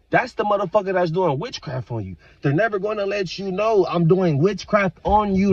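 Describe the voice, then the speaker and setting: A man talking straight to his viewers in a casual, profane, rambling rant, with sudden loud outbursts. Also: on the high side, animated, a little fast, hardly any pauses, slightly rough, no room sound, highs cut off. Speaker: vlogger. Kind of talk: casual monologue to camera.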